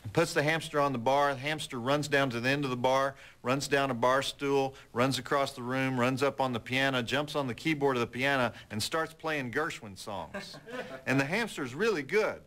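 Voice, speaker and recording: A middle-aged man hosting a late-night movie show, telling stories and jokes in a wry, deadpan way. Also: medium pitch, moderate pace. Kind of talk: folksy TV host patter and joke telling.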